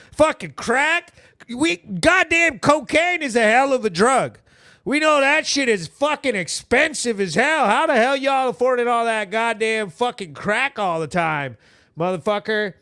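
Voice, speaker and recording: A man with a New England accent hosting a live stream, ranting loudly and profanely, mocking people and acting out what they said. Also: extremely high pitch, no echo, studio quality. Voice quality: loud, profane, mocking and theatrical. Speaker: livestream host.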